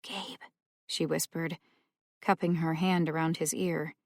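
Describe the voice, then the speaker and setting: Woman reading an audiobook real slow, lowish voice, dry close sound. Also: flat delivery, no echo. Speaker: audiobook narrator. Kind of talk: scripted narration.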